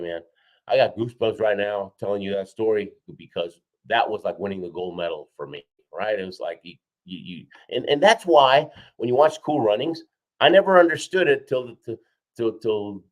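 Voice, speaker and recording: A man with a fairly low voice tells a story as a guest in an interview. He is energetic and lively, acting out quoted people and checking in with "right?" and "okay?". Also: moderate pace, poor audio. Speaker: guest, four-time Olympian and keynote speaker. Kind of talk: animated storytelling in a podcast interview.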